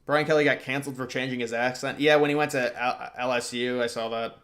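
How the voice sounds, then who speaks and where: Fast and steady, a young streamer with a medium, fairly bright voice reads through his chat. He keeps the political talk loose and full of slang, reacting to comments and sometimes letting his thoughts trail off.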